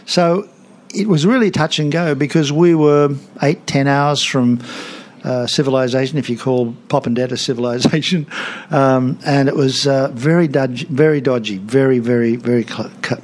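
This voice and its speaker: Telling anecdotes in a casual studio interview, this man in his seventies from Australia, a TV comedian and author, chats, laughs often and restarts many times. He speaks at medium pitch and a normal speed.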